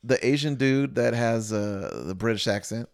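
A man's voice: mid-range voice, normal speed, gravelly, clean tone, no room sound, studio quality. A man co-hosting a casual podcast, rambling in a laid-back way with lots of filler words. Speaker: podcast co-host, barber. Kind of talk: casual chat.

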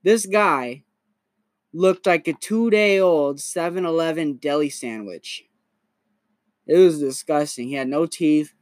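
A young man hosting a podcast in a casual, crude, animated storytelling manner. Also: on the high side, takes it slowly, no room sound. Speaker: podcast host.

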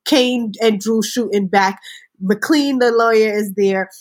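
A woman hosts a casual podcast, walking through a TV episode as an animated storyteller. Her voice has a husky grain. The sound is dry and close. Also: on the high side, takes it slowly, no room sound. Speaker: podcast host. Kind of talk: casual TV recap chat.

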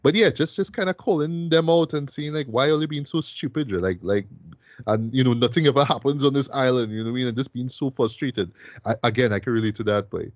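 A man's voice: medium pitch, fast, no echo, muffled recording. A man hosting a film review podcast, talking eagerly and tagging lines with "right?" and "boy". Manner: enthusiastic, many fillers like "right?" and "boy". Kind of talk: casual film review chat.

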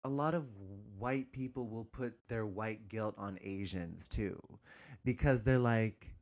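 A man speaking candidly as an interview guest, hesitant, with many restarts, and turning animated as he goes. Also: on the low side, measured pace. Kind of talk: candid personal conversation.

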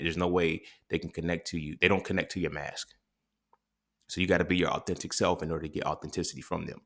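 A man's voice: sits low, vocal fry, a bit bright. A man, hosting a podcast and musing in a casual, profane, rambling monologue full of restarts. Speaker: podcast host. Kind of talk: impromptu monologue.

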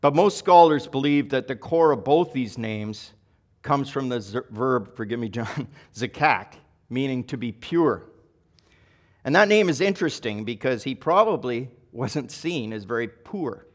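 A male pastor giving a sermon in a relaxed, conversational way, now and then correcting himself. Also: mid-range voice, unhurried. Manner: conversational, self-correcting, occasional chuckle.

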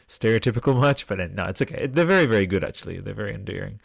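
On the low side, animated and racing, this man's voice carries vocal fry and a slight roughness. He hosts a podcast livestream, tiredly rambling through viewer comments with plenty of swearing, on a desktop mic with headphones and no room sound.

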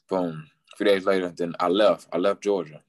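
Deep-voiced young man telling a story. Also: fairly even intonation, unhurried, no room sound. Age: 20s. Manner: slangy, repeats himself, quotes people. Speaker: guest. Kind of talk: casual storytelling.

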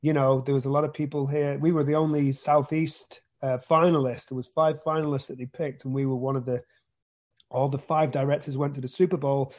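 Talking loosely about his acting career, the British guest stumbles into many restarts and repeats words. He speaks fairly quickly, with a mid-range, darkish voice that barely moves in pitch.

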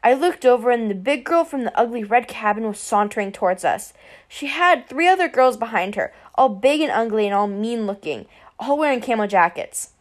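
A woman giving a first-person audiobook narration, brisk and wry. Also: fairly high pitch, expressive.

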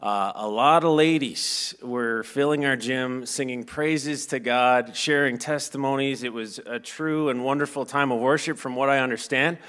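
A man leading a church service, praying earnestly and giving relaxed announcements. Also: mid-range voice, normal speed, few pauses, smooth. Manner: earnest, prayerful, relaxed asides. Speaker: worship leader.

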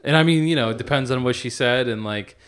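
A man's voice: medium pitch, quick pace, a bit bright, clean tone. Male podcast co-host, casual chat, rambling, salty language. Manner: rambling, many restarts and swearing.

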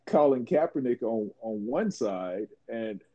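A man co-hosts a casual podcast, and his voice sits in a warm, mellow register. He talks in a measured, reflective way, often restarting phrases mid-thought. The audio is dull and a little lo-fi. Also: mid-range voice, lively intonation. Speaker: podcast co-host.

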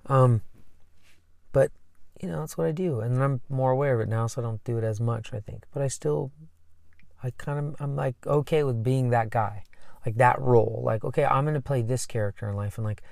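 A man's voice: medium pitch, fairly quick, creaky, a little mellow, no echo, studio quality. A man who coaches, talking casually and earnestly about himself, rambling with many fillers. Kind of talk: casual personal talk.

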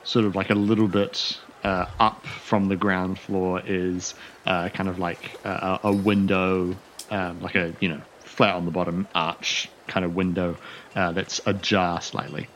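A man's voice: sits low, level tone, measured pace, fairly bright tone, slight background noise. Rambling young man running the game. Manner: rambling, many fillers and restarts. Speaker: game master. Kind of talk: narrating a tabletop game.

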